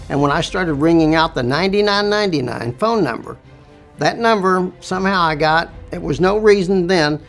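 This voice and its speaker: Gravelly Southern man with a slow drawl. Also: sits high, a bit bright. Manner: slow, drawn-out delivery. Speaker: business owner. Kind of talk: storytelling interview.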